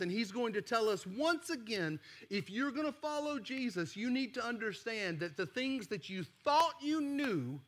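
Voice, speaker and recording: Man, Southern American accent, high-pitched, pastor, lively conversational sermon. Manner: animated, emphatic, conversational preaching with rhetorical questions. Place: church sanctuary.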